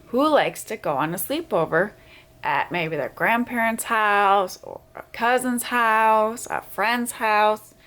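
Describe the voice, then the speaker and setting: A woman hosting a children's storytime, reading a picture book aloud with expressive sound effects. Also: medium pitch, slow pace. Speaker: storyteller host.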